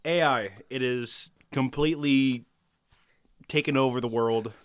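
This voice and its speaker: A man's voice: mid-range voice, steady tone, unhurried, smooth, no echo. A man co-hosting a podcast, talking casually in a laid-back, dry way that often trails off. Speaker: podcast co-host.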